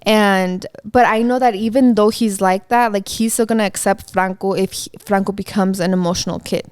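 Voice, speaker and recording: A woman's voice: medium pitch, fairly even intonation, normal speed, a little mellow, smooth. A woman co-hosting a casual podcast with her husband, explaining her views earnestly and often adding "you know.". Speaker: podcast co-host. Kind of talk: casual chat.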